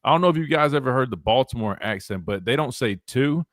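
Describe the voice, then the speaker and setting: A young man hosts a live sports radio show, chatting casually and rambling with plenty of restarts and "wait, hold on" moments. He talks fast at a medium pitch, and the clean studio sound carries no room noise.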